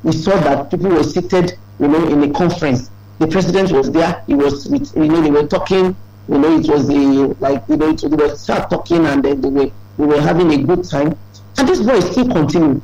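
A man preaching a sermon, emphatic and rising into high exclamations. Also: a little fast, warm tone, poor audio.

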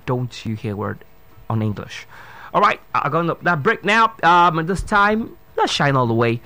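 A man hosts a pronunciation lesson on the radio, his voice rising and falling in a lively way. He spells each word out letter by letter, then says it slowly and carefully and corrects the wrong versions. He talks straight to his listeners in a studio. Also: mid-range voice.

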